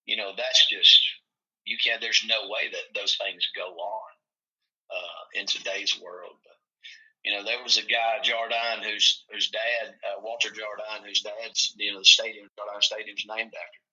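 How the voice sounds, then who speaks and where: A man's voice: fairly low pitch, level tone, moderate pace, sharp tone, highs cut off. A man from Tennessee, a football coach, telling folksy stories in a casual chat and acting out the quotes.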